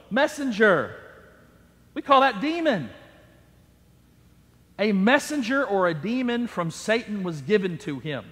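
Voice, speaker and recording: Man, senior pastor, sermon, high-pitched, slow and deliberate, emphatic, dramatic, long church reverb. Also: a bit bright. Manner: emphatic, dramatic preaching with rising declarations. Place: church sanctuary.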